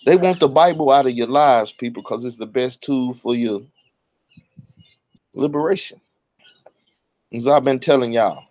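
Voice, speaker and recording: A man's voice: mid-range voice, a little slow, pauses often, darkish tone. A man, talking bluntly and profanely in a casual monologue, often stumbling over his words. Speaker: online commentator.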